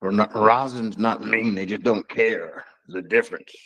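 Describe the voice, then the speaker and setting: A man's voice: on the low side, moderate pace, fairly bright tone, rough recording. A man in casual podcast banter, blunt and dismissive, with a drawling way of talking.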